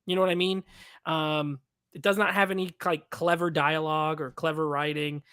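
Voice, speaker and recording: A man's voice: fairly high pitch, little pitch movement, moderate pace, pushed and bright, clean tone, dry recording, studio quality. A man co-hosting a casual movie review chat over a video call, rambling and filling his talk with "like.". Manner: rambling, heavy use of "like". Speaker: podcast co-host.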